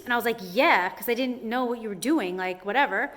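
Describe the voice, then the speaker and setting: Young woman, salon owner, casual storytime, filler-heavy, animated. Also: mid-range voice, a little fast. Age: young adult. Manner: chatty, says "like" constantly, animated retelling.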